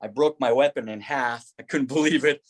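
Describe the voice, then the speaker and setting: A middle-aged man telling military stories on a podcast, laughing often and acting out quotes in a higher voice. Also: brisk. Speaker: podcast guest, former Army Ranger. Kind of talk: casual storytelling.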